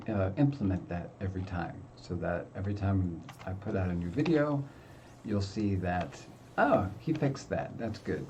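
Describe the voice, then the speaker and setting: Older man, game commentary, low gravelly voice, easygoing self-mocking chat. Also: mellow, slight background noise. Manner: chatty and self-deprecating. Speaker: gaming video host. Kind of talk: casual gameplay commentary.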